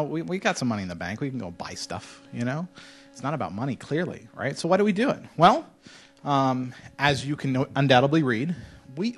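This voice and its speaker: A man giving a casual, joking conference talk to students in a lecture hall, telling stories with lively asides. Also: mid-range voice. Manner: casual, joking storyteller with mock French voices. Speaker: conference speaker.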